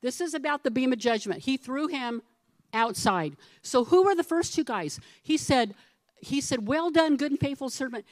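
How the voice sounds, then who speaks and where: Animated woman preaching a sermon. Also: sits high, normal speed, no room sound. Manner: animated storytelling, acting out voices of the people in her parable; conversational, asks the congregation questions. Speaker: pastor.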